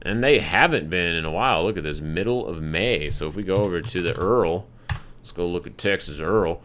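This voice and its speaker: A man's voice: deep voice, normal speed, a bit bright, slight background noise. A young man hosting a live market analysis stream, talking casually through charts with loose, jokey, profane asides. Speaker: market analysis livestream host.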